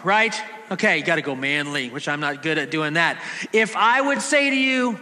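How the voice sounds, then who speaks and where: Man, pastor, playful sermon, bright tense high voice, long church-hall reverb. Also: big pitch swings, a little fast. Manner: playful, sings snippets of ad jingles to the congregation. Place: church sanctuary.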